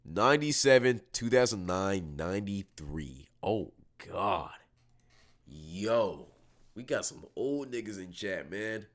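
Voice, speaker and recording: A young man hosts a casual live-stream reaction. His voice sits a little low but moves around a lot as he riffs with his viewers in loose slang. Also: slow. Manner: slangy, animated, chatting with viewers.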